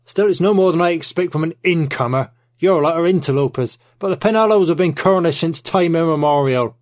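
A man's voice: a little high, fairly quick, pitched above the performer's own voice, lightly acted. Man doing a cantankerous old Cornish blusterer. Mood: indignant. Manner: indignant, loud, blustering. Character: cantankerous elderly Cornish man, proud, combative.

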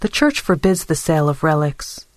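A man's voice: on the high side, big pitch swings, normal speed, no echo. A man voicing a guarded, grieving young woman with a law background, pressing pointed and suspicious questions. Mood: wary.

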